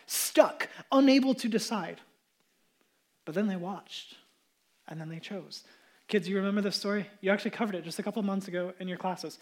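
A male pastor giving a sermon in a lively, conversational storytelling manner. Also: high voice, normal speed, long pauses.

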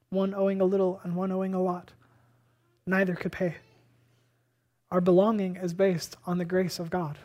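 A pastor preaching a sermon, emphatic, posing rhetorical questions and moving between hushed lines and loud ones. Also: medium pitch. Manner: asks and answers rhetorical questions.

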